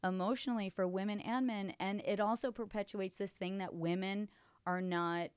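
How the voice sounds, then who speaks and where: A woman's voice: mid-range voice, fairly even intonation, normal speed, clear, resonant tone, no echo, studio quality. A middle-aged woman hosting a talk show, chatting casually with emphatic, opinionated remarks and frequent laughter. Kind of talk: casual chat.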